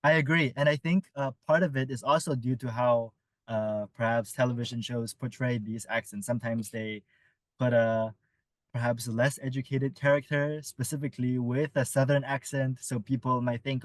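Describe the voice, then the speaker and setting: A man's voice: mid-range voice, steady tone, no echo. Thoughtful man answering webinar questions. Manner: thoughtful, measured, many filler sounds. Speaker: research fellow answering questions.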